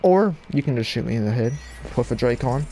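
A man giving live gameplay commentary at his computer desk at home, excitable and yelling at opponents in bursts, on a cheap mic with no windscreen. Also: medium pitch, brisk, a little hiss or hum. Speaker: gaming channel host. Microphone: cheap headset mic without windscreen.

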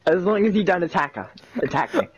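A man's voice: high-pitched, animated, fast, breathy edge. A man chatting casually while playing a game with a friend, teasing often and laughing. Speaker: gaming channel host. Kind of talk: casual gameplay chat with a friend. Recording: dull lo-fi recording.

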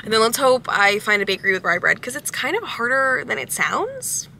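Young woman vlogger, chatty and upbeat, a touch high, car rumble behind. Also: sing-song, fairly quick, sharp tone. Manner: chatty, upbeat, lots of "like" fillers. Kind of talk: casual vlog chat. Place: in a car at a drive-thru. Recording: car noise in the background.

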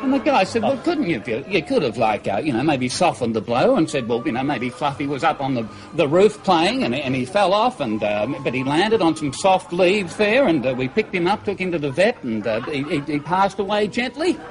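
A man's voice: on the high side, sing-song, moderate pace, few pauses, soft background music, low-quality recording. A man with an Australian accent, a comedian telling jokes on a TV variety show and laughing at his own punchlines. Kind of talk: stand-up joke telling.

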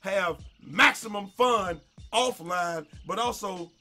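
Male gaming YouTuber, fired-up exasperated rant, high-pitched and tense, stumbling over repeats. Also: takes it slowly, soft background music. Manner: animated, exasperated ranting with stammered repeats and swearing.

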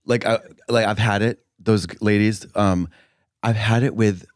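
A man's voice: lowish voice, fairly even intonation, normal speed, no room sound, studio quality. A man co-hosting a comedy podcast, talking in a campy, sardonic way and cutting in often. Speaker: podcast co-host. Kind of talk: casual comedic chat.

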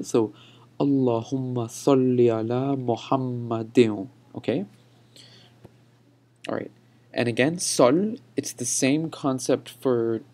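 A young man giving a patient pronunciation lesson over slides, repeating words slowly for practice. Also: mid-range voice, vocal fry, warm tone. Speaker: teacher.

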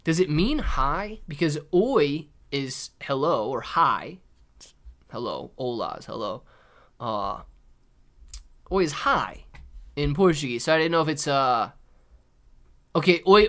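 A man's voice: on the high side, very animated, normal speed, pushed and bright. A man hosting a live stream in casual chat. He reads viewer comments aloud, answers them, and calls people dude and man. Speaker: livestream host.

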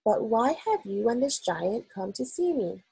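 A woman reading aloud, voicing a startled but commanding queen who speaks sharply and with regal crispness. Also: fairly high pitch, very animated, measured pace, warm tone, full character voice. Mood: amused.

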